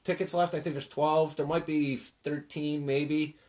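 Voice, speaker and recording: A man's voice: fairly high pitch, level tone, measured pace, darkish tone. A man from upstate New York co-hosting a podcast, plainspoken and earnest as he reads the news and plugs shows. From New York State. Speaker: podcast co-host doing the news. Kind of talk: casual podcast chat.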